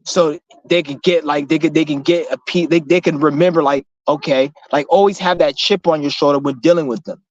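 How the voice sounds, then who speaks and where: A man's voice: a little high, fairly even intonation, fairly quick, hardly any pauses, no echo. A young man giving a casual motivational rant to his viewers, blunt and profane, rambling with frequent restarts. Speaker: vlogger. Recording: slightly muffled lo-fi recording.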